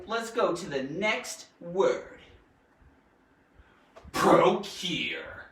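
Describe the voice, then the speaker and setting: A woman at medium pitch leads a lighthearted live grammar lesson as teacher and host, full of giggles and jokes directed at her viewers. She's captured from a distance, off-mic, with the room echoing around her.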